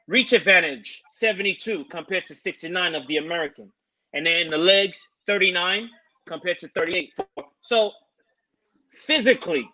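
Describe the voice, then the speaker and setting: A man's voice: high voice, bright, forceful tone, low-quality recording. A man co-hosting a podcast who goes through fighters' stats step by step and makes his picks. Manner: methodical, walks through stats. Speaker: podcast co-host giving picks. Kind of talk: casual fight-analysis chat.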